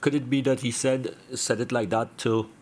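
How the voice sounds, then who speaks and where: A man's voice: medium pitch, steady tone, normal speed, darkish tone, slight background noise. A man testifying as a witness, giving short and hesitant answers. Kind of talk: answering questions at an inquiry.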